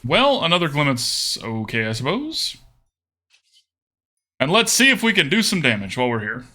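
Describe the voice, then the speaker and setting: A man's voice: a little high, sing-song, moderate pace, pushed and bright. A man streaming a card game, thinking aloud about his plays and chatting casually with viewers.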